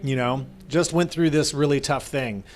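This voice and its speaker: A man's voice: mid-range voice, moderate pace, slight background noise. Earnest man co-hosting a live podcast. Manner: earnest, retells stories with quoted voices. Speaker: podcast co-host.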